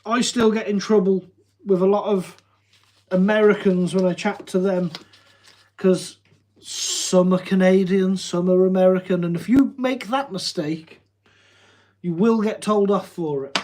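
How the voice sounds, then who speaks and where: A man from the English Midlands hosts a casual livestream, his Telford twang softened by a few Welsh notes. He chats easily with viewers, joking and rambling a little as he answers their comments. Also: sits high, steady tone, a little slow. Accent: Midlands English, Telford, with a slight Welsh tinge. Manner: chatty, easygoing, jokey, with frequent "um" and "yeah". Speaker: livestream host.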